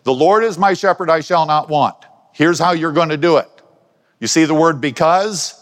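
Preacher with long hall reverb. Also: male voice, on the high side, normal speed. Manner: conversational, asks the congregation questions. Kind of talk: sermon. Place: church hall.

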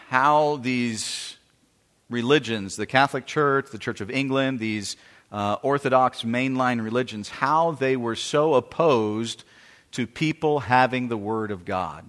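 A man's voice: medium pitch, a bit bright. A man preaching a sermon in an earnest way, often restarting phrases and asking the congregation questions. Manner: earnest, repetitive, asks the audience questions. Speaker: pastor. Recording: long hall reverb.

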